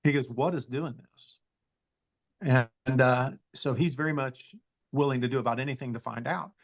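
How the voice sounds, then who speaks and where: A man telling a personal story in a casual, halting way, full of restarts and "he goes", plainspoken and folksy. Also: medium pitch. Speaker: storyteller recounting an encounter.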